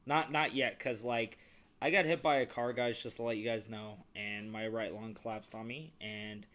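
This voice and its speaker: A man's voice: fairly low pitch, steady tone, normal speed, a bit bright. A young man chatting casually on a couple's vlog, earnest and rambling, with many restarts. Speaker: vlogger.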